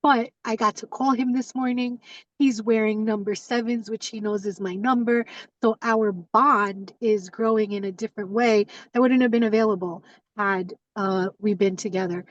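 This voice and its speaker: A woman's voice: medium pitch, normal speed, no echo. Woman sharing on a dull, distant call. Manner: rambling, many fillers, animated self-talk. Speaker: community member sharing. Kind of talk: casual heartfelt sharing.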